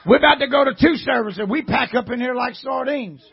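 Male guest preacher, very high husky voice, folksy jokes and shouted preaching, muffled church recording. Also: a little fast, a faint crowd. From rural Southern United States. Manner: joking folksy banter rising to shouted preaching. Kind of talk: sermon. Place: church sanctuary before a congregation.

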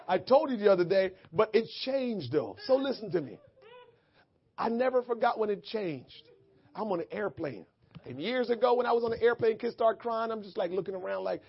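Male pastor, high and husky voice, casual preaching into fervent prayer, muffled recording. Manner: conversational preaching building to fervent shouted prayer. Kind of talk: sermon and prayer. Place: church.

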